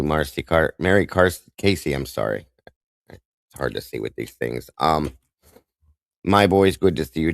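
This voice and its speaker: Very deep-voiced emotional livestream host. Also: male voice, no room sound. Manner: emotional, halting, with many restarts; warm greetings to chat viewers by name. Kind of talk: emotional live-stream chat.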